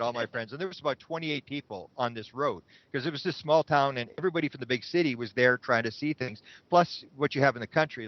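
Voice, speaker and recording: A man telling a story as a guest in an interview, animated and repeating words when he gets excited. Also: medium pitch, no room sound, muffled recording.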